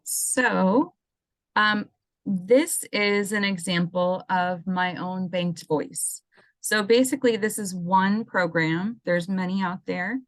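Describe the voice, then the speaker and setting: A woman's voice: medium pitch, slow, dry recording. A woman presenting an educational webinar, talking casually and explaining things step by step, with frequent ums and restarts, over a computer mic on a video call. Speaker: assistive technology coordinator presenting a seminar.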